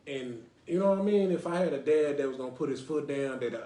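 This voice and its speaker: This podcast host from Lake Highlands in North Dallas, Texas, talks fast and expressively in a fairly high-pitched voice with a dark tone. The room sounds roomy, and on his casual call-in show he keeps dropping "you know what I mean."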